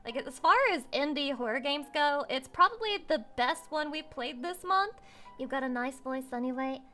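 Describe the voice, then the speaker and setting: Woman, livestreamer, bright sharp voice, excitable, swears a lot. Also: high-pitched, moderate pace, soft background music. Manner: excitable and swearing, with squeals and laughs. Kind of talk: casual livestream chat reacting to viewers.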